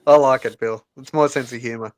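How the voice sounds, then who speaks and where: A man's voice: medium pitch, steady tone, a little fast, no echo. A man chatting on a live stream, laid-back and giving short replies. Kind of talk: casual live-stream chat.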